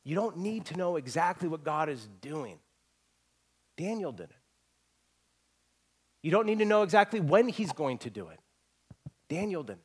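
A man's voice: a little high, a little fast, few pauses, breathy edge. Earnest man preaching a sermon. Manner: earnest, animated preaching with frequent restarts. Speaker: pastor.

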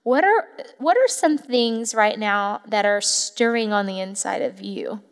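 A woman pastor preaches in a warm, chatty way and speaks straight to her congregation. Her voice carries a long reverb from the church hall. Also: mid-range voice, lively intonation, a little slow, clear, resonant tone. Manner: heartfelt, conversational, tearful at moments. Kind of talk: sermon. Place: church sanctuary.

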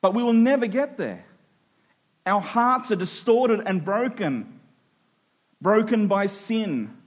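A male pastor preaching a sermon, emphatic, slowing down to stress key words. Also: sits high, animated.

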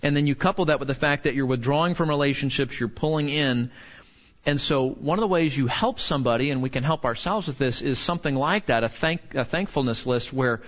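A man's voice: mid-range voice, fairly quick, fairly bright tone. A man teaching a Bible class in an earnest, questioning way, drawing answers from the group. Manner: earnest, asks the room questions, frequent restarts. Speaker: pastor or teacher. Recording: dull lo-fi recording.

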